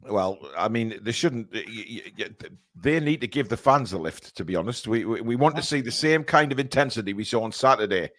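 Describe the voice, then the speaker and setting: A man's voice: medium pitch, expressive, fairly quick, a bit bright, no echo. A man from England hosting a live football fan stream, chatting casually with many fillers and reading out viewer comments.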